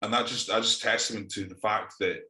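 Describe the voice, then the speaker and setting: A man's voice: fairly low pitch, fairly even intonation, a little fast, bright, forceful tone, echoey room. A Scottish man co-hosting a podcast, telling gym stories in sweary, laughing casual chat. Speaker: podcast co-host.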